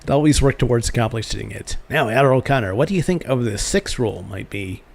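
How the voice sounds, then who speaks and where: A man's voice: mid-range voice, expressive, brisk, gravelly. A man voicing a stern older male rogue-class master with a put-on German accent, formal and lecturing.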